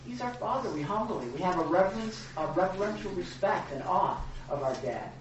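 A man co-hosting a casual Bible teaching, animated and joking, with emphatic rhetorical questions. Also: high voice, brisk, muffled recording, a little hiss or hum. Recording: echoey room from a distance.

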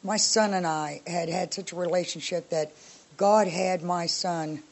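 Soft-spoken woman, earnest testimony, halting delivery. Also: lowish voice, fairly even intonation, gravelly. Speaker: congregation member sharing a testimony. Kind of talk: personal testimony.

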